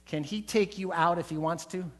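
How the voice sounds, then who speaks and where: A pastor in a church, preaching with a fairly high, ringing man's voice. He drives his points home with emphasis and acts out the voices he quotes. He leads the congregation in call-and-response. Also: normal speed. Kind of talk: sermon. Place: church sanctuary.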